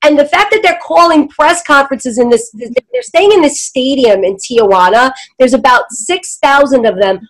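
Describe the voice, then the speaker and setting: High-voiced sarcastic woman host. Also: lively intonation, normal speed, few pauses, low-quality recording. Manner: sarcastic, laughs often. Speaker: talk show host. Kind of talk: political commentary chat.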